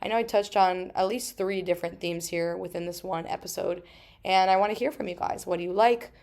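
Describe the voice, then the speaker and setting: A woman in her thirties hosting a solo podcast, talking emphatically with frequent swearing and quick asides. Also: on the low side, a little mellow. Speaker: podcast host.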